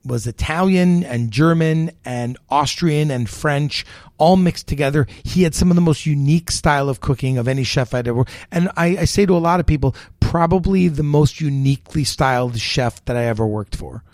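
A man in his sixties, a chef being interviewed, telling lively stories with frequent restarts. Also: on the high side, normal speed, no room sound, clean studio sound. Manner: animated anecdotes with repeated restarts. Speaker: guest chef. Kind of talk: storytelling interview.

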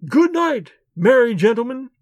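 A man voicing a mysterious young woman in a storybook, drawling and mocking in a deep, musical, deliberate way. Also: very animated, no echo, clean studio sound, full character voice. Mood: teasing.

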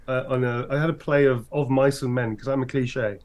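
A man, an actor and interview guest, telling lively anecdotes and acting out the voices of the people in them. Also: medium pitch, brisk, few pauses. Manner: lively, animated storyteller who acts out voices. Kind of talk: interview storytelling.

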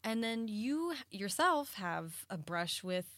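A woman's voice: mid-range voice, big pitch swings, slow, a bit bright, no room sound. A woman hosting a casual interview, giving short encouraging replies and steering the talk with questions. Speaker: podcast host.

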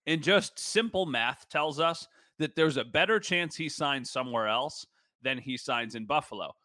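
Bright-voiced chatty male co-host. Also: on the high side, normal speed, no echo. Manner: chatty, self-deprecating. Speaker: podcast co-host. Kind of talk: casual podcast chat.

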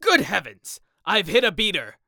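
A man voicing a hearty, brusque aristocratic gentleman hunter, raised and indignant, in an audiobook reading. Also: mid-range voice, animated, moderate pace, clean tone, no echo, clean studio sound. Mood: alarmed, angry. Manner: blustering, indignant.

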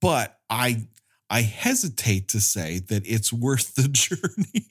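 A man's voice: medium pitch, big pitch swings, takes it slowly, slightly rough. A man co-hosting a casual movie review chat, wry and laughing often as he retells scenes. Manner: wry, laughing, acts out silly quotes. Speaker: podcast co-host.

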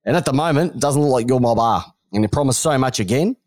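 A man's voice: medium pitch, quick pace. An Australian man co-hosting a podcast, bantering bluntly and mockingly about football. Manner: blunt, mocking, animated ranting. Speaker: podcast co-host. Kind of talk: casual sports banter.

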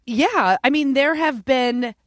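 A woman's voice: high-pitched, takes it slowly, dry recording. A woman co-hosting a casual chat show, making sardonic, jokey asides. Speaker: podcast co-host.

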